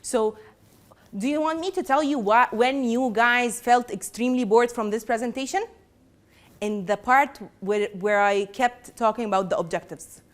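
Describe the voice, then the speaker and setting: A woman with an Egyptian accent giving a lively classroom lesson as a lecturer, switching between Arabic and English and teasing her students. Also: on the high side, normal speed.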